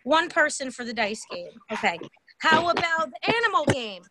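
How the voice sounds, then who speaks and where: A woman's voice: high voice, very animated, very noisy. Sing-song woman teaching kids to dance. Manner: cheerful, slow and sing-song with small children. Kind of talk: online kids' dance class. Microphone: video call.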